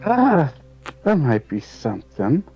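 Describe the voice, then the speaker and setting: Man playing a slow, terse brooding loner. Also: on the high side, huge pitch swings, mellow, highs cut off, faint music behind, heavily acted. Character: brooding frustrated man with a dark aura.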